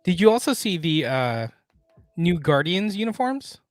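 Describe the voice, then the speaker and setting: Guy on a nerd podcast, kinda high voice, upbeat, keeps egging the others on, dry sound. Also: big pitch swings, measured pace, no echo, faint music behind. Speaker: podcast co-host. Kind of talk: casual pop culture chat.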